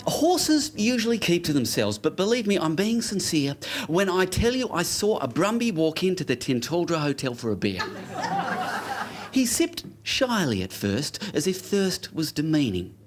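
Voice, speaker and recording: A man's voice: high voice, a little hiss or hum. An Australian man performing a spoken word poem on a pub stage with a theatrical, rhythmic delivery. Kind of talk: performance poetry.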